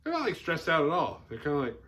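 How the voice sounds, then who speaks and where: A man's voice: on the high side, huge pitch swings, fast talker, fairly bright tone. A man hosting a podcast who gives a casual, rambling movie recap, often chuckling and acting out quotes. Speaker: podcast host.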